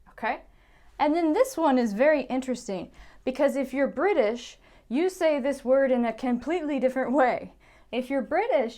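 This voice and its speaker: An American woman teaching an English pronunciation lesson, saying each example word slowly and carefully and checking in with "okay?" after her points. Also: sits high, expressive. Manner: repeats words carefully, ends points with "okay?". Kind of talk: slow, deliberate pronunciation lesson.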